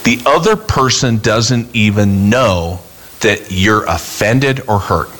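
Male pastor, conversational sermon, animated, expressive pitch swings. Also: slow pace, slight background noise. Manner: animated, acts out quoted voices, bursts into shouts.

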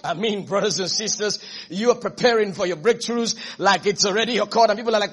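A man's voice: high voice, a little fast, fairly bright tone, slightly rough. A man preaching a sermon as pastor, repeating phrases and calling on his congregation. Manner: preaching with rising fervor and repetition, calls to congregation.

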